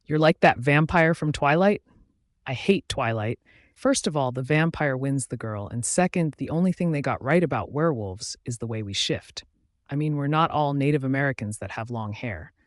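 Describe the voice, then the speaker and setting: A man's voice: mid-range voice, lively intonation, normal speed, no echo, studio quality. A man narrating a first-person audiobook in a casual, conversational way.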